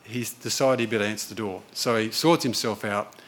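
A man's voice: on the low side, fairly even intonation, a little fast, fairly bright tone. Earnest man preaching a sermon. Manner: conversational storytelling, earnest.

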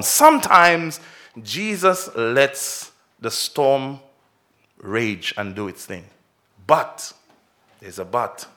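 A man's voice: medium pitch, extremely slow, long pauses. A man preaching a children's sermon, telling a story with big swells and drops, then asking many direct questions. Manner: expressive storytelling, swells and drops in loudness and pace. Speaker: pastor.

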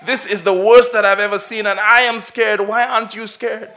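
A man's voice: high-pitched, steady tone, normal speed, pushed and bright, voice pushed up. A man voicing a scared grown businessman who pleads about a bad storm on a flight. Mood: frightened.

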